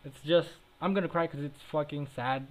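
A man's voice: on the high side, steady tone, moderate pace, rough recording. A young man co-hosting a podcast, swearing constantly, joking crudely and laughing at himself. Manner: profane, joking, self-deprecating, laughs often. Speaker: podcast co-host. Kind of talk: casual crude chat. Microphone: remote call, cutting in and out.

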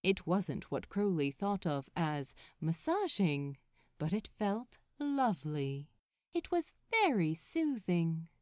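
Woman reader, slow and very melodic, close and dry sound. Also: lowish voice, dry recording. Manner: slow, soft, expressive storytelling. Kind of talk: fan fiction reading.

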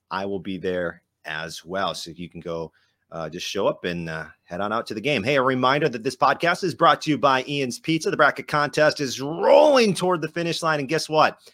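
A man's voice: mid-range voice, lively intonation, moderate pace, pushed and bright. A man hosting a podcast, talking casually in a chatty, rambling way with frequent restarts. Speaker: podcast host. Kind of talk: casual chat.

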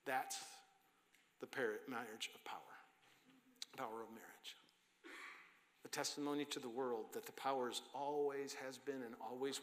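A middle-aged man preaching a sermon with passion, swinging from loud emphasis down to hushed, whispered lines. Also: medium pitch, steady tone, moderate pace, long pauses. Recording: long hall reverb with faint music.

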